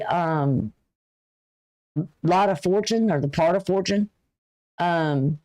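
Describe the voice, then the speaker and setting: A woman's voice: mid-range voice, darkish tone. A woman giving a casual, folksy astrology reading, chatty and advice-giving, with a runny nose. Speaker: astrology and tarot reader.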